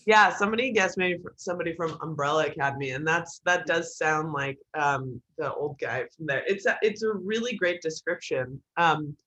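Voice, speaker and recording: A woman instructor giving an online writing class in a joking, lively way, over a video call. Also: deep voice, moderate pace, few pauses, low-quality recording.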